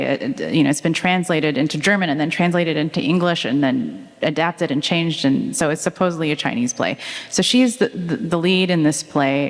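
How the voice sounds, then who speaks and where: A woman with a notably low voice speaks onstage as the author being interviewed. She tells stories in a chatty, animated way, full of ums. Her voice carries a long reverb from the hall. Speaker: author guest at a book talk. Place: public talk at a museum event.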